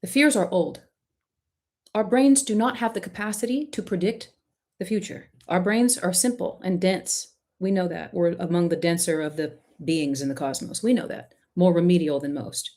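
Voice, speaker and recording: An art coach hosting a live stream speaks in a lowish voice at a moderate pace. She is impassioned, emphatic and direct, and warmly encourages the person who asked.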